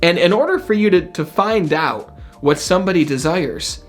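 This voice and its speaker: High-energy man with a lively pitch. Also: moderate pace, faint music behind. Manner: high-energy, conversational, checks in with "right?". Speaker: motivational speaker. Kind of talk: energetic self-help lesson.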